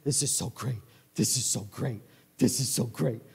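A man's voice: mid-range voice, normal speed, gravelly, a little mellow, slightly rough, big-room sound, pitched below the performer's own voice. A man voicing a big, sweet, dopey male golden retriever, full of simple-minded delight, as heard in a church sanctuary.

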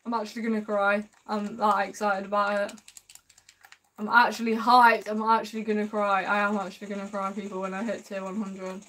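A woman live-streaming a game, chatting warmly and excitably with her viewers and drawling a repeated sing-song catchphrase. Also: medium pitch, fairly quick. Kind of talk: live gameplay commentary.

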